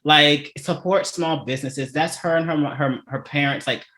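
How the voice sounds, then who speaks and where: A chatty man co-hosting a casual reaction podcast, his voice sitting fairly high. He laughs often and slips into little impressions of what others said, keeping the talk loose and playful. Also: steady tone, normal speed, pushed and bright, echoey room. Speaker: podcast co-host.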